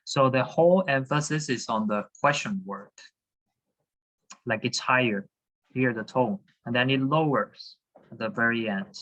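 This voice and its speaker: A man's voice: mid-range voice, a little slow, a bit bright, poor audio. A man teaching a class over a video call, hesitant, with many fillers and restarts. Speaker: Spanish teacher.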